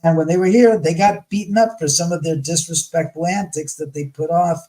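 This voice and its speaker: A man with a somewhat high voice, talking as a guest in a casual, blunt and profane way. He slips into the voices of the people in his stories as he tells them, and the delivery keeps jumping around. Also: steady tone, brisk, mellow, poor audio. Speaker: guest on a paranormal talk show. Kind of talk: casual storytelling in conversation.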